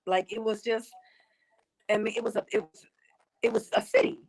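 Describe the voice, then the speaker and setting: Woman, interview guest on a video call, emotional, halting delivery. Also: on the high side, fairly even intonation, darkish tone, low-quality recording. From United States. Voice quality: emotional, halting with many restarts. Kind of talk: casual remote interview.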